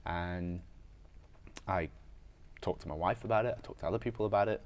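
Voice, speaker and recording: A man's voice: low voice, a little fast, pauses often, darkish tone, clear, resonant tone. A man, a strength coach and podcast guest, talking frankly and reflectively about himself in a casual, filler-heavy way. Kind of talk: candid conversational storytelling.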